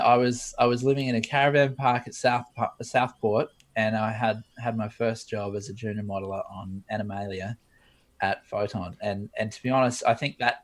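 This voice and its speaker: Male guest, mid-pitched storyteller, acts out dialogue in interview chat. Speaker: guest, 3D modeler.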